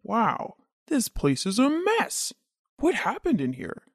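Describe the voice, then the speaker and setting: A woman's voice: on the high side, huge pitch swings, slow, dry recording, studio quality, heavily acted. A woman voicing a mild, absent-minded middle-aged dad in a children's audio drama, polite and easygoing.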